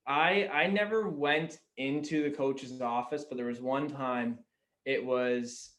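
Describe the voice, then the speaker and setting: A young man from Canada talks as a guest on a casual podcast, pitched mid-range and held fairly flat. He tells candid stories from his playing days, filling them with "like" as he goes. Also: slow. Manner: candid storyteller, peppered with "like". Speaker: guest, pro lacrosse player.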